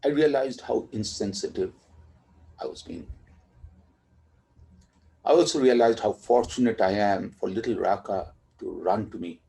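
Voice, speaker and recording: Gravelly, mellow-voiced reflective father. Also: fairly low pitch, a little slow, long pauses, rough recording. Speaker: father telling a family story. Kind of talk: documentary interview storytelling.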